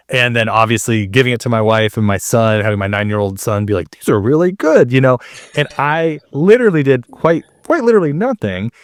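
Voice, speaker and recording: Male podcast host, thirties, casual and animated storyteller, mid pitch, dry close recording. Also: dry recording. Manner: animated storyteller, quick asides and laughs. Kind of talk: casual interview chat.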